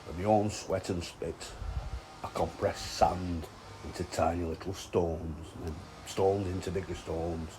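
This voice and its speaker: A man voicing a boastful old angler who brags slowly and grandly about his own work. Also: low-pitched, fairly even intonation, background noise. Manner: slow, grandiose bragging.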